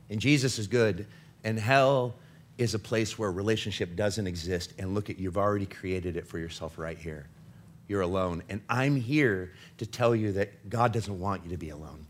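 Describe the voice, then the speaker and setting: A man's voice: fairly low pitch, normal speed. Earnest male Christian speaker. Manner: earnest, confessional, swings between urgent and hushed. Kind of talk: impassioned faith talk.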